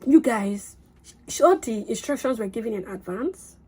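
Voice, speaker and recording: A young woman telling a story to her vlog in an excitable, chatty way. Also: on the high side, normal speed, breathy edge. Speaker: vlogger.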